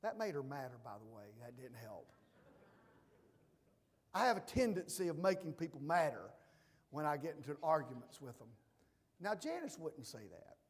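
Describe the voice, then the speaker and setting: A man preaching a sermon as pastor, emphatic, swinging from hushed asides to loud declarations. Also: on the high side, big pitch swings, moderate pace, long pauses, slightly rough, long reverb tail.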